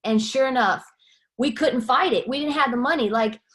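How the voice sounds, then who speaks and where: A woman's voice: sits high, normal speed, a bit bright. A young woman, giving a candid personal testimony and acting out quoted dialogue as she tells it. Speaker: guest sharing her testimony.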